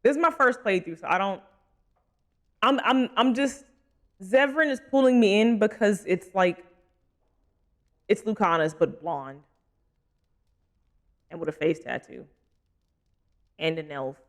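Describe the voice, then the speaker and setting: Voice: medium pitch, lively intonation, measured pace, long pauses, fairly bright tone. A young adult streamer in casual live stream chat while gaming, giggly, chatty and playfully teasing.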